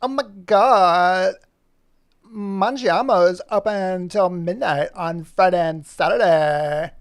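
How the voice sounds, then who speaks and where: A man voicing an excited female cartoon dog in a raised, drawn-out voice. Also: sits high, clean tone, no echo, studio quality.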